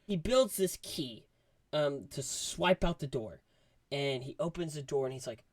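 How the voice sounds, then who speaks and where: A man giving a casual movie review, rambling and excitable, full of fillers. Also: a little high, measured pace, dry recording.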